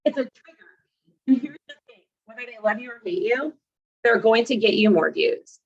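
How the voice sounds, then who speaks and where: A woman's voice: a little high, animated, normal speed, gravelly, muffled recording. A woman who works as a realtor and posts online, chatting casually and acting out the dialogue in her stories. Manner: chatty storyteller who acts out quoted dialogue. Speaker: realtor and social media creator. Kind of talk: casual chat.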